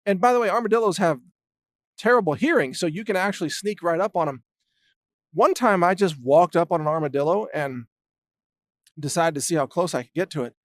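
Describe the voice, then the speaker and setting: A man's voice: high voice, brisk, no echo. A middle-aged man casually telling rambling animal anecdotes as host, chuckling often and restarting his sentences. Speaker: show host.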